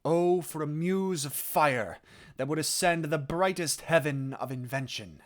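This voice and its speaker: A man's voice: fairly high pitch, measured pace, voice pushed up, close to an everyday voice. A man performing a male Chorus narrator of a classical stage play, declaiming with strong emphasis on key words.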